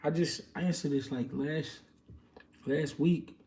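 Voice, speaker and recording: A man's voice: a little high, fairly even intonation, measured pace, a little mellow, distant mic. A man hosting a livestream, answering viewer questions in casual, slangy boxing chat with loose street talk and many fillers.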